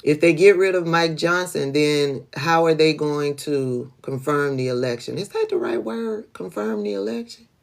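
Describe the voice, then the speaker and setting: Slow-talking, blunt livestream host woman. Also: deep voice. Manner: blunt, profane, laughing, talks to chat viewers by name. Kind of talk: casual livestream commentary.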